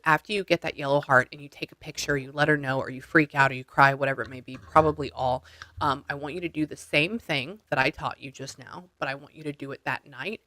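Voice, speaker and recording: A man's voice: a little high, pushed and bright, no room sound. A man working as a spiritual medium, coaching a client step by step over a video call in a blunt, casual way and swearing freely.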